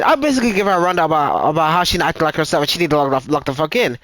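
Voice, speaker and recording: A man's voice: high-pitched, fast talker, hardly any pauses, fairly bright tone, no room sound, low-quality recording. A man in his twenties on a gaming voice chat, telling a story in casual, profane talk, stumbling and repeating himself as he goes.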